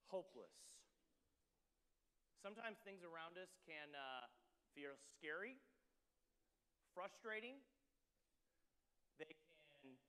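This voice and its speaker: Man, pastor, sermon, animated storyteller, high-pitched, long echo. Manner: storytelling, animated, acts out dialogue. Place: church sanctuary.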